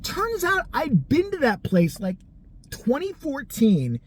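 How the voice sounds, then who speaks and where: A vlogger telling a personal story casually, animated, profane and sarcastic, acting out the people in it. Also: sits high, slow.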